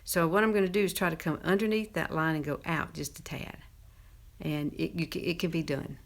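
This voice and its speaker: Southern woman in her fifties, slightly low and chatty, easy makeup-tutorial talk with frequent laughs. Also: fairly even intonation, a little fast. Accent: Southern American. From Southern United States. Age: 50s. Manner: chatty, laughs often, talks while applying makeup. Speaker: makeup presenter.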